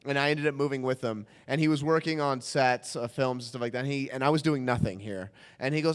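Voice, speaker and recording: Young guy telling a wild story, acts out the voices, smooth voice, big echoey hall. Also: mid-range voice, fast talker, hardly any pauses. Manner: animated, acting out quotes. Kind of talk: personal storytelling.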